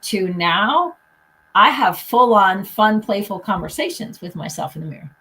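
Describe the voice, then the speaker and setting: A woman's voice: medium pitch, animated, moderate pace, sharp tone, low-quality recording. A woman hosting a podcast, chatting in a playful, upbeat way about self-love. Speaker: podcast host. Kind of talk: casual conversational interview.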